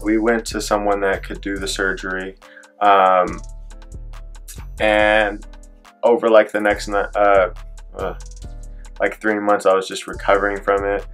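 A man's voice: fairly low pitch, level tone, a little slow, long pauses, fairly bright tone, faint music behind. A young man telling a personal story in a vlog, rambling with lots of filler words and acting out what people said. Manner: rambling retelling, heavy on filler "like"; acts out quoted voices in his story. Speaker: vlogger.

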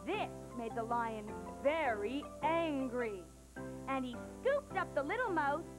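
A woman hosting a children's storybook show, talking in a bubbly, excited, sing-song way. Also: high voice, slow pace, music in the background, full character voice.

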